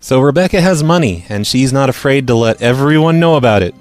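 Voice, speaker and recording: A man's voice: mid-range voice, lively intonation, brisk, few pauses, faint music behind. A man hosting a prank call show, reading tweets aloud in a sarcastic, mocking way. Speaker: host.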